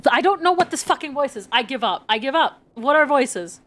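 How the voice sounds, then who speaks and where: A woman's voice: sits high, animated, brisk, few pauses, a bit bright, no echo. A woman from Germany streaming a game, chatting casually with a cold, laughing at herself and stumbling over her words. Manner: giggly, self-mocking, stumbling over words. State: has a cold. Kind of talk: casual gameplay chat.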